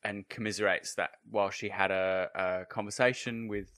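Podcast guy picking apart an episode's plot, bright forceful voice, dry close sound. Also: fairly low pitch, fairly even intonation, normal speed, no echo. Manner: analytical, critiques plotting at length. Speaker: podcast co-host. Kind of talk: casual discussion.

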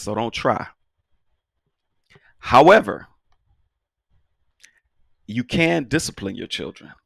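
Dad vlogging straight at y'all, low gravelly voice, dry close sound, keeps repeating stuff for emphasis. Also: male voice, fairly bright tone, no echo. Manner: emphatic, repeats phrases for stress; folksy, talks straight to viewers. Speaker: father giving parenting advice. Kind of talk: casual monologue to camera.

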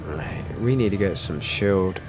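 A man streaming a live shooter game and chatting to viewers, trailing off into low mutters and then breaking into loud frustrated outbursts. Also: expressive, a little slow, over music. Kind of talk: casual live game commentary.

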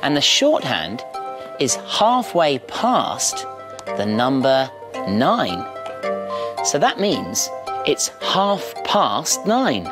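A man hosts a preschool show, reading a story to young children in a playful voice full of animal noises. His pitch leaps and swoops widely, and he speaks slowly and clearly. Faint music plays behind him. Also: wildly swooping pitch. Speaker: children's TV presenter.

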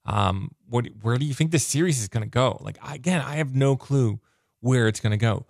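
A man reviewing a comic book in a casual, excitable, rambling way, full of filler words. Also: medium pitch, brisk, gravelly, no room sound, studio quality.

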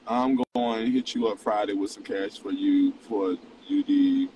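A man's voice: fairly low pitch, fairly even intonation, moderate pace, far from the mic, background noise. Profane preachy young man streaming. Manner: profane, preachy, swings between teasing and confessional. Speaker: livestream host. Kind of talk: mock sermon and casual livestream talk.

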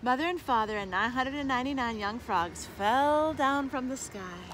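A woman reading a children's picture book aloud with slow, expressive storytelling, with background noise. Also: sits high. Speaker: storybook reader.

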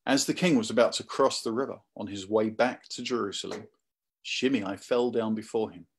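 Husky male preacher telling a story. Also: on the low side, moderate pace. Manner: conversational storytelling, animated. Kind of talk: sermon.

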